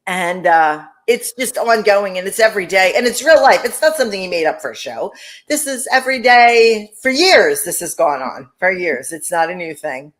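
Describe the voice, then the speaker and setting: A woman's voice: medium pitch, very animated, moderate pace. A woman co-hosting a casual podcast chat. She laughs often, swears freely and mimics other people mid-story. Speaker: podcast co-host.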